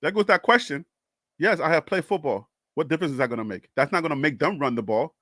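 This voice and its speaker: A man with a Liberian English accent argues on a live stream in a high, sharp voice. He is animated and exasperated and keeps repeating his questions. The sound is dry and close. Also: fast, dry recording. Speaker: sports talk live-streamer. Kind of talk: live stream, answering chat comments.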